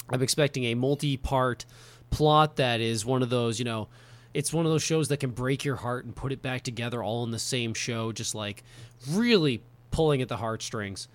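A man co-hosting a casual gaming podcast, spinning long mock-serious riffs with a deadpan delivery. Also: mid-range voice. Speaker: podcast co-host.

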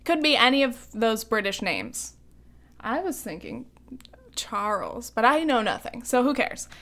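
A woman's voice: a little high, sing-song, a little slow, fairly bright tone. A young adult woman co-hosting a podcast in casual chat, chatty and giggly, with lots of ums and likes. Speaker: podcast co-host.

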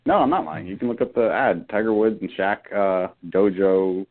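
A man talking softly and haltingly over a phone call, speaking from a shower. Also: lowish voice. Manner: soft-spoken, halting. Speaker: caller on phone. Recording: tinny phone line.

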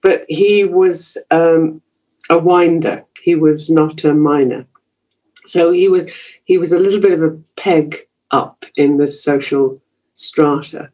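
On a low-quality recording, an older Yorkshire woman, a broadcaster with a received pronunciation accent, talks through her childhood as an interview guest, self-deprecating and full of fillers. She speaks slowly in a low, dark voice with fairly even intonation.

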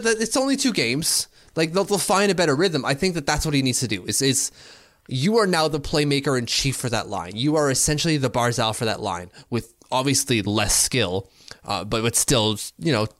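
A man's voice: mid-range voice, fairly bright tone, no room sound, studio quality. A man co-hosting a casual hockey podcast, talking through his opinions with frequent restarts and fillers. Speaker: podcast co-host. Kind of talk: casual sports talk.

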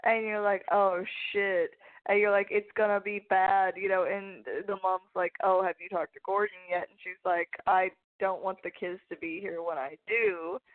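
A woman's voice: medium pitch, fairly even intonation, moderate pace, hardly any pauses. A woman co-hosting a casual podcast, rambling through a favorite scene from a TV show and quoting the characters and her own reactions. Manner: rambling, conversational retelling with quoted reactions. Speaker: podcast co-host. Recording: phone-like narrow sound.

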